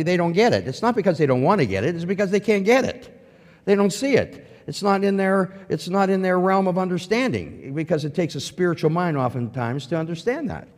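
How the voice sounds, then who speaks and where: Brief: animated man, humorous testimony storyteller, hall reverb. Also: medium pitch. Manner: animated storytelling with acted-out quotes. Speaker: testimony speaker.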